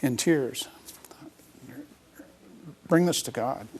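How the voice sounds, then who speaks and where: A man's voice: medium pitch, drawn-out words, a little mellow. Earnest middle-aged man telling a story. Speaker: interview guest, author. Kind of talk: personal storytelling interview.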